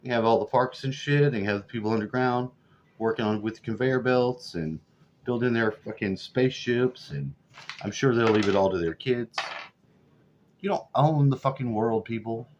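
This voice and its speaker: A man's voice: mid-range voice, normal speed, darkish tone, slight background noise. A man over forty, ranting profanely and sarcastically in a rambling vlog. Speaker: vlogger. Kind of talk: profane political rant. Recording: dull lo-fi audio.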